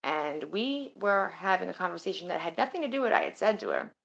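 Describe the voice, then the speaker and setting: A woman's voice: lowish voice, huge pitch swings, fast, creaky, muffled recording. A woman streaming and chatting casually with her viewers, rambling and swearing now and then. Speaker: streamer talking to her chat. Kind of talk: casual livestream chat.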